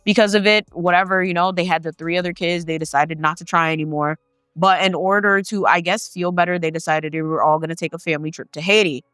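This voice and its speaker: A woman's voice: on the low side, steady tone, quick pace, fairly bright tone, clear, resonant tone, dry recording, studio quality, soft background music. A woman telling a paranormal story in a casual, chatty way, swearing freely and talking straight to her viewers. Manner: chatty, profane, addresses the viewers directly.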